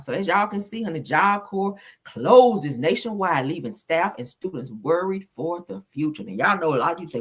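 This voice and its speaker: Woman streamer, husky and lowish, very animated, blunt and emphatic, calls viewers honey. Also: moderate pace. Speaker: commentary streamer host. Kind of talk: casual news commentary.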